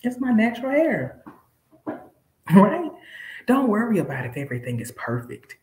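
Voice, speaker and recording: A woman's voice: medium pitch, big pitch swings, a little slow, darkish tone, roomy sound, slight background noise, low-quality recording. A woman from Alabama hosting a live stream, talking casually and preaching to viewers she calls y'all. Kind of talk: casual motivational talk.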